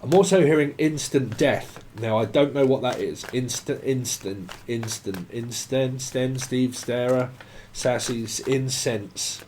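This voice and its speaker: A man's voice: mid-range voice, unhurried, darkish tone, a little hiss or hum. Rambling man reading tarot. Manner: rambling free association, swearing, breaking into song. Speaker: tarot reader.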